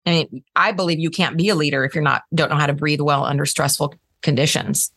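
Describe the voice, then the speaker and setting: A woman's voice: low voice, fairly even intonation, fast talker, fairly bright tone, husky, no room sound. A woman coaching trial lawyers, talking with energy and acting out different voice tones as she teaches. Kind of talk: instructional talk to trial lawyers.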